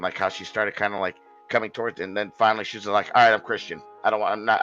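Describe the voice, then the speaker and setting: Man telling a rambling story, bright voice. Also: fairly low pitch, lo-fi sound. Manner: rambling, profane, with many restarts. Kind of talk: casual storytelling.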